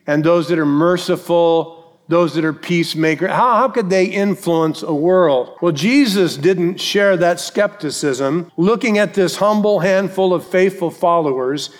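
A man preaching a sermon to his congregation, emphatic, repeating key phrases and slowing down to stress them. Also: on the high side. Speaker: pastor. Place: church sanctuary. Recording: long reverb of a church hall.

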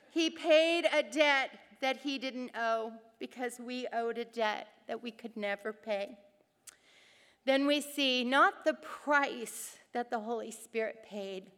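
A middle-aged woman teaching a women's Bible study, telling personal stories with lively voices for the people in them. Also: on the high side, smooth, long reverb tail. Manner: animated storytelling, acting out quoted voices.

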